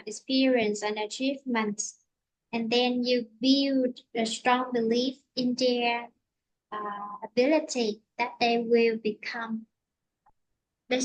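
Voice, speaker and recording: A woman teaching an English lesson, explaining slowly and patiently with many fillers. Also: on the high side, muffled recording.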